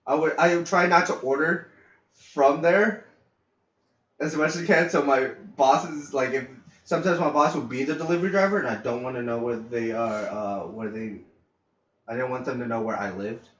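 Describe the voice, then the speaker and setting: Animated storytelling man, echoey lo-fi sound. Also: mid-range voice, moderate pace. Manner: animated, swearing, acts out quotes loudly with laughs. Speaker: podcast host. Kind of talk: casual storytelling. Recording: echoey, dull lo-fi audio.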